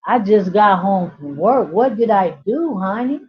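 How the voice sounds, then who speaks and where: A baffled husband, just home from work, pleads to know what he did wrong, as a woman acts him out. His confused questions come slowly. The sound is dull and lo-fi. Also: medium pitch, animated, close to an everyday voice. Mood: bewildered.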